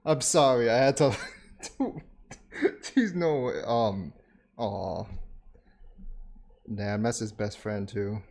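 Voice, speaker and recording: A man's voice: mid-range voice, very slow, gravelly, pauses often, darkish tone. A man hosting an anime reaction, giving casual commentary full of exclamations, laughter and swearing, and talking straight to his viewers. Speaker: anime reaction channel host.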